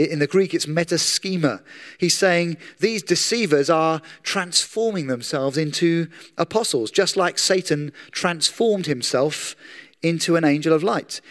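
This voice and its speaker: A man preaching a sermon to his congregation in an earnest, conversational way, slowing down to stress key words. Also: fairly high pitch. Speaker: pastor. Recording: long hall reverb.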